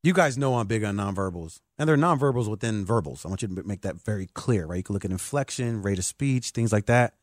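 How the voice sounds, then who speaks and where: A man hosting a sports talk show, excitable and emphatic like a hyped fan. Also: fairly low pitch, fast, hardly any pauses, dry recording, studio quality. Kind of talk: animated sports podcast talk.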